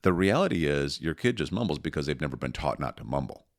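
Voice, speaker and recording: A man's voice: a bass voice, big pitch swings, quick pace, no room sound, studio quality. A middle-aged man co-hosting a parenting podcast, who talks in a methodical way and walks through examples step by step. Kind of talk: casual conversational advice.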